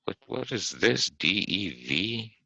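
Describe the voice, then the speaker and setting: A man hosting a podcast, casually chatting about movies, animated and laughing, often repeating himself. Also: lowish voice, takes it slowly, creaky, slightly rough, no room sound, lo-fi sound. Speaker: podcast host.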